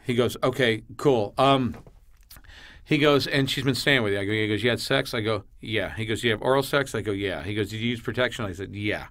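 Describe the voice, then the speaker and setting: A comedian appearing as a podcast guest delivers his story at a brisk pace, his male voice on the low side. The delivery is blunt and animated, he performs both sides of the dialogue, and profanity flows freely.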